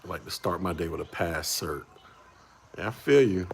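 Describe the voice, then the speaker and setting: A man's voice: sits low, expressive, normal speed, vocal fry. A man in his forties, a livestream host, chatting casually with viewers in a laid-back way and laughing often. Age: 40s.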